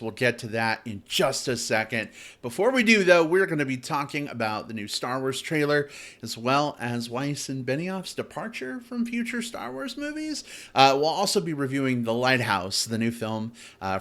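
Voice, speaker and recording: A man hosting a film podcast, opening the show and chatting playfully with his co-hosts. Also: mid-range voice. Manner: animated, playful. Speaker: podcast host. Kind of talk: casual chat.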